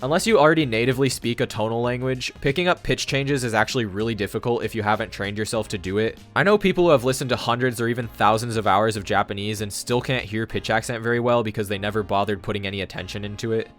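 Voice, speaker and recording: A man's voice: fairly low pitch, fast, few pauses, fairly bright tone, faint music behind. A man giving a scripted explainer monologue on language learning, matter-of-fact and confident.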